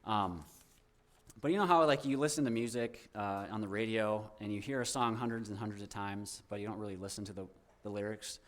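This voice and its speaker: A man's voice: on the low side, brisk. Heartfelt, rambling man speaking to a church. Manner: rambling and heartfelt, many fillers and restarts. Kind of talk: informal testimony to a congregation.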